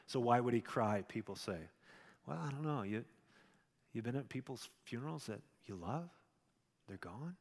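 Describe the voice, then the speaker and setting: Male pastor, conversational sermon, swings loud then soft, mid-pitched voice, long hall echo. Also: expressive, normal speed, pauses often. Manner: conversational preaching, shifts between loud emphasis and quiet asides.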